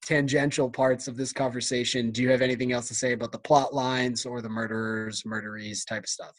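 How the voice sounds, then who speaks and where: A man with an American accent, co-hosting a casual book podcast and quizzing his friend in a relaxed, chatty way. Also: medium pitch, fairly quick. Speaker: podcast co-host. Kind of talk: casual chat.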